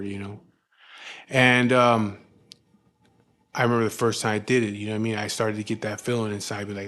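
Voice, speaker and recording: A man frankly telling the story of his own past, in rough, profane speech full of "you know what I mean". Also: on the low side. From California. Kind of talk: candid personal storytelling.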